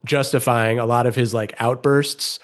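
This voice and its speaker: A man speaks as a podcast guest in relaxed conversation. He has a mid-range voice and talks in a measured, thoughtful way, reasoning aloud. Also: mid-range voice. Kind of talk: casual chat.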